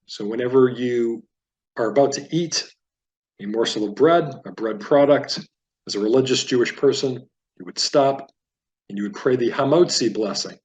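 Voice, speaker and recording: A man teaching a Biblical Hebrew reading lesson, patiently sounding out each word and then explaining it at a relaxed teaching pace. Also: medium pitch. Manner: patient, explanatory, repeats words slowly for learners.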